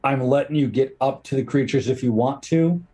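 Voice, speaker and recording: A man running a tabletop game as dungeon master, easygoing and relaxed in how he prompts players. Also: medium pitch, brisk, husky.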